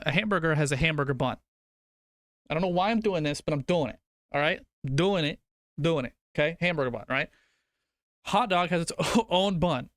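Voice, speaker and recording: A man's voice: a little high, a bit bright, dry recording, studio quality. A young adult man streaming, chatting loosely with his chat, swearing casually and arguing food opinions in a rambling way.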